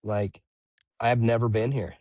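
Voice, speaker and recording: A young man telling race stories in relaxed casual chat, dropping "dude" and "bro" as he goes. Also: medium pitch, measured pace, no echo. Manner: laid-back, says "dude" and "bro" a lot. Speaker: podcast guest, ultramarathon runner.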